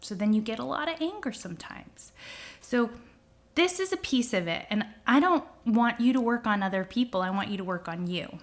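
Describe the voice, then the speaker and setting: A middle-aged woman astrologer giving a casual spoken forecast, lively, now and then dropping into whispers to act out feelings. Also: a little high, normal speed. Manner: animated, acts out quoted feelings with sudden whispers.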